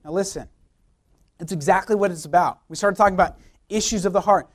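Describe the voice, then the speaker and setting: A man's voice: high voice, fast talker. A young man, a youth pastor, preaching a sermon with emphatic repeated phrases and rhetorical questions.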